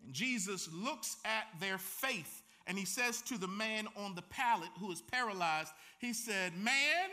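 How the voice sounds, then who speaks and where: A man preaching a sermon, acting out the scenes he describes with casual slang and big swings between loud and soft. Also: high voice, normal speed, few pauses. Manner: dramatic, acts out scenes with slang and shifting loudness.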